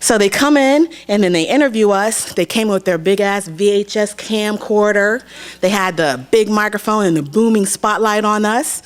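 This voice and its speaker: A woman's voice: mid-range voice, moderate pace, clear, resonant tone. A young woman from Pennsylvania tells a personal story live on a theater stage, acting out the voices of the people in it. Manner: animated, acts out other people's voices.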